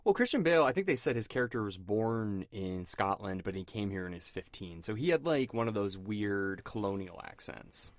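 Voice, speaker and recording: Animated, chatty male podcast host. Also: on the low side, fairly quick, few pauses, no room sound. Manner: animated, chatty, lots of fillers. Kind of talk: casual chat.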